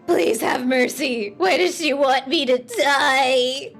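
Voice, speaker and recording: A woman voicing a shrill, frightened bean creature. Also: takes it slowly, faint music behind. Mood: terrified pleading. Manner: shrill, pleading, tearful. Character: frightened female thinking bean creature, pleading.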